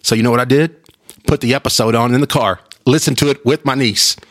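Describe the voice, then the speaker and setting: A Texan man hosts his own podcast in a medium-pitched, fairly bright voice, talking quickly with fairly even intonation. It's casual solo chat: he tells stories in a rambling way and keeps restarting his sentences.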